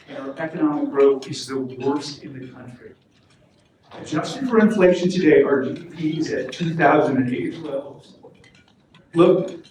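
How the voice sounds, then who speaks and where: A man's voice: a little high, a little mellow, a little hiss or hum. A middle-aged man from Alaska giving an earnest public speech at a political event, telling a joke before making his case. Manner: earnest, storytelling, emphatic. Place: hotel function room. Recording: echoey hotel hall, mic from far off.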